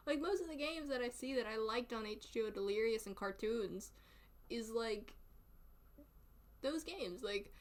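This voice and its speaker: A chatty woman with a thick Southern US accent, laughing often as she talks casually with her stream followers. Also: fairly high pitch. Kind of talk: casual chat.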